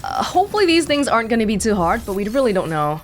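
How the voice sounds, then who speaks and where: A woman's voice: a little high, big pitch swings, fast, a little hiss or hum. A woman casually commenting while playing a video game, chatty and thinking aloud. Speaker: let's play host.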